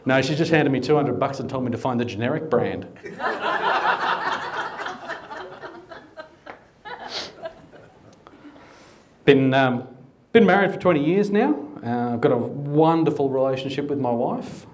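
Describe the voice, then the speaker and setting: A man's voice: medium pitch, animated, fairly quick, few pauses, a little mellow, slight background noise. A middle-aged Australian man doing stand-up comedy, telling dry, conversational anecdotes with comic timing. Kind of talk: stand-up storytelling.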